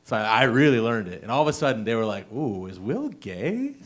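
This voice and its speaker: A fairly low-pitched young man performs stand-up at an open mic in a small comedy venue. He works the room with chatty, self-mocking banter and keeps breaking into laughter at his own punchlines.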